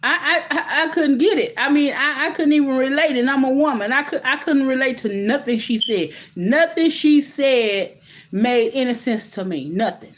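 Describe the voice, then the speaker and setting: A woman hosting a casual commentary vlog, talking straight to her viewers in an animated, incredulous way, full of restarts and asides. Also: sits high, normal speed, a little hiss or hum. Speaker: host.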